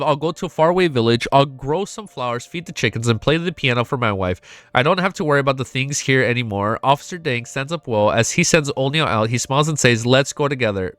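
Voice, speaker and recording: A man's voice: medium pitch, animated, fast talker, a bit bright, no echo. A man with a congested nose reading a webnovel aloud as a reaction streamer, swearing freely and breaking into emotional exclamations.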